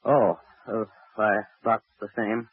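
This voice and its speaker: An actor playing an unhinged jealous husband who taunts and laughs eerily, in 1940s radio acting on an old broadcast. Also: male voice, lowish voice, steady tone, measured pace, slightly rough, phone-quality sound.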